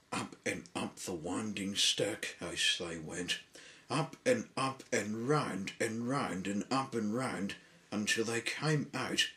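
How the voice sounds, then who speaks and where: A man reading a children's storybook aloud, with slow, drawn-out and playful emphasis. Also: lowish voice, pushed and bright.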